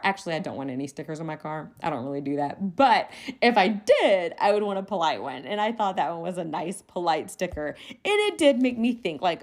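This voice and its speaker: A woman hosting a solo podcast in a casual chat, animated and chatty, laughing often as she talks. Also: mid-range voice, moderate pace. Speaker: podcast host.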